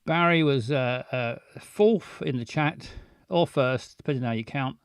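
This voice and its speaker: A man's voice: medium pitch, moderate pace, clean tone, dry recording, studio quality. A man hosting a live stream in casual chat, rambling along and greeting viewers by name.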